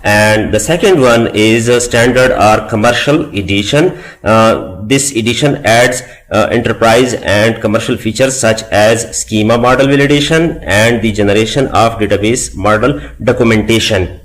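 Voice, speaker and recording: A male university lecturer giving a recorded lecture, speaking in a measured way with frequent pauses and fillers. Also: lowish voice.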